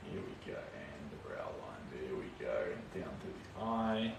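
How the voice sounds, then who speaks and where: A man's voice: very deep voice, sing-song, unhurried, gravelly. A young New Zealand man with a New Zealand accent painting on a live stream, chatting casually, answering viewer comments and muttering to himself as he works. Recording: echoey room, distant mic, noisy.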